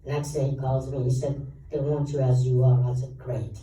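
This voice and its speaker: A man, a guest actor at a convention panel, telling animated anecdotes and acting out quoted dialogue. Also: medium pitch, moderate pace. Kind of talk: storytelling Q&A answers. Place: large convention hall. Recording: echoey hall, taped from far off.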